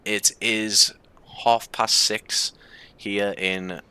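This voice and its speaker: A man's voice: lowish voice, little pitch movement, extremely slow, sharp tone, clear, resonant tone. A man with a Scouse accent giving casual, rambling commentary on a live game stream, with frequent fillers.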